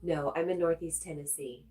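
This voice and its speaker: Low mellow-voiced lady doing a chill livestream, reading chat out loud, easygoing. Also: moderate pace, poor audio. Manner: relaxed, chatty, reads viewer comments aloud.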